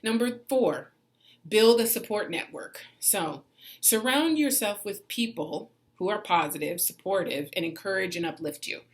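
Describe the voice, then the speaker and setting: A woman in her forties giving casual motivational advice in a self-help vlog, laughing often and jumping up in pitch for emphasis. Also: animated, unhurried. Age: 40s.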